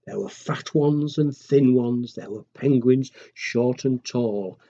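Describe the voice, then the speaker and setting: A man reading a children's picture book aloud in a gentle, chatty way and asking the listeners questions. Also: medium pitch, slow pace, creaky. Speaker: storyteller. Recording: dull lo-fi recording.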